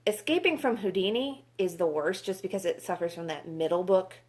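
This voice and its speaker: A woman's voice: lowish voice, a little fast, darkish tone. A woman reviewing books in a casual vlog, exasperated, sarcastic and swearing freely. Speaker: book reviewer.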